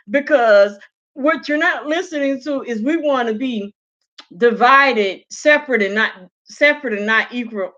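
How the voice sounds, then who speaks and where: A woman's voice: on the high side, sharp tone. A woman voicing a mocking white American man with a country drawl, in an exaggerated, preachy parody, on muffled lo-fi audio.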